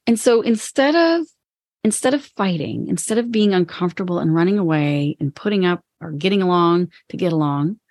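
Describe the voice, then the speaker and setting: A woman co-host with a fairly low voice talks through personal experience in a candid, reflective way, sometimes acting out her inner voice. The recording is dry and close, with little room sound. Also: expressive, brisk, a little mellow, no room sound. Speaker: podcast co-host and business owner. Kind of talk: casual podcast conversation.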